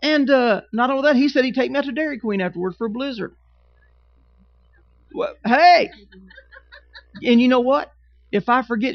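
A man's voice: very high-pitched, no echo, highs cut off. A man preaching a sermon with emphatic, repetitive phrasing and humorous asides. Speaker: pastor.

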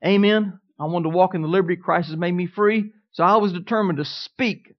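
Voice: mid-range voice, fairly quick. Emphatic preacher on a dull recording. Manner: emphatic, repeats declarations with rising intensity; asks the congregation questions. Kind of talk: sermon. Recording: dull, lo-fi sound.

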